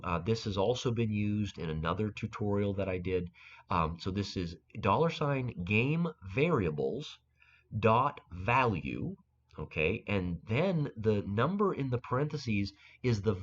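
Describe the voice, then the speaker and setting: A man hosting a screen-recorded software tutorial, explaining step by step with frequent fillers and restarts. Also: on the low side, muffled recording. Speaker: game-making tutorial host.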